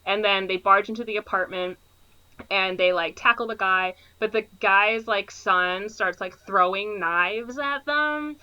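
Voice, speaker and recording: A woman's voice: medium pitch, measured pace, sharp tone, smooth, dull audio. A woman co-hosting a podcast, casually recapping a movie plot and filling her sentences with "like". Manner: rambling, heavy use of "like" fillers. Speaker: podcast co-host.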